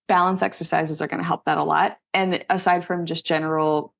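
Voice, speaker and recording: A woman's voice: lowish voice, fairly even intonation, a little fast, vocal fry, hardly any pauses. A woman strength coach explaining exercises step by step in a casual, upbeat interview. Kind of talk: conversational interview.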